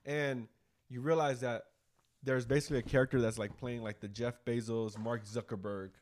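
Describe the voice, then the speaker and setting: A man's voice: medium pitch, fairly even intonation, normal speed, darkish tone. A man hosting a casual podcast, retelling a movie in a rambling, profane way. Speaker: podcast host. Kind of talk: casual chat.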